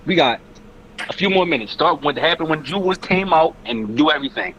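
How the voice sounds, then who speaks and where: A man's voice: on the high side, expressive, brisk, muffled recording, a loud crowd. A man co-hosting a casual wrestling podcast, telling the story with energy and sound effects. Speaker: podcast co-host.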